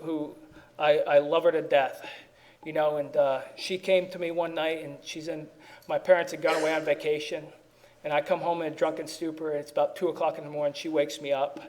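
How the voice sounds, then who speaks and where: A man's voice: fairly high pitch, a little mellow. A man speaking at a recovery meeting, telling his story in a rambling, self-deprecating way with many restarts.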